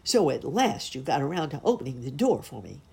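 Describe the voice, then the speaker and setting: A woman's voice: extremely low pitch, sing-song, a little fast, creaky, dark tone, slightly rough, heavily acted. A woman voicing a grumpy tiny old male dwarf who snaps and demands in a storybook reading. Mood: angry. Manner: snappish and demanding.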